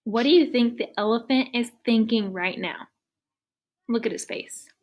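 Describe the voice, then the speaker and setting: A woman's voice: a little high, moderate pace. A woman teacher reading a picture book aloud to young students, patient and asking many questions.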